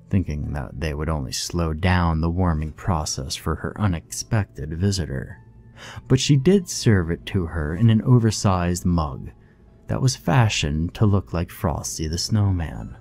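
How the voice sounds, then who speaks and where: A man narrating a horror story in a hushed, measured, scripted manner. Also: deep voice. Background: faint music.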